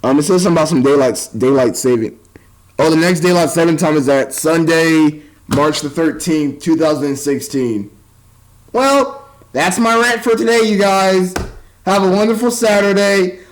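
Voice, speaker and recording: A man's voice: on the high side, normal speed, poor audio. A man ranting casually into his webcam at home, rambling and exasperated as he goes. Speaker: vlogger.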